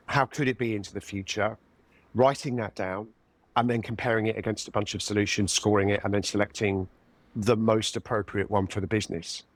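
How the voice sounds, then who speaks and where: A man in his fifties speaks as a guest on a podcast interview. His voice sits low and his explanations come out measured and step by step. The recording is close and dry, with no room echo. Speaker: guest consultant. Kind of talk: interview conversation.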